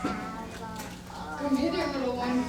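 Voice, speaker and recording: A woman's voice: on the high side, over music. An older woman acting a sly, coaxing crocodile in an amateur stage musical. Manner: slow, coaxing invitations. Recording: echoey hall from far off.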